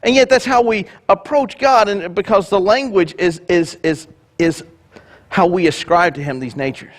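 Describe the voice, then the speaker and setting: Male pastor, high-pitched, conversational sermon delivery with wry asides. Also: normal speed.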